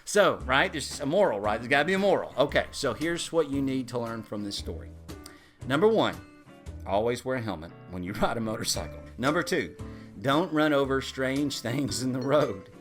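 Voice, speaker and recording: Animated, bright-voiced male storyteller. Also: medium pitch, moderate pace, soft background music. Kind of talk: casual anecdote telling.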